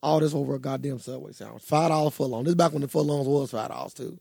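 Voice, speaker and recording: A young man co-hosting a casual podcast, telling a story in an animated, profane way. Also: medium pitch, quick pace, gravelly, slightly rough. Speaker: podcast co-host. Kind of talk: casual chat.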